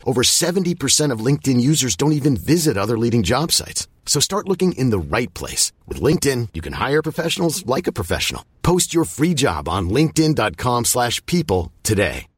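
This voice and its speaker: A man reads a commercial in a measured, polished manner. His husky voice moves up and down a lot, recorded dry and close. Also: mid-range voice, dry recording. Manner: smooth, measured delivery. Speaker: ad announcer. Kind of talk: scripted ad read.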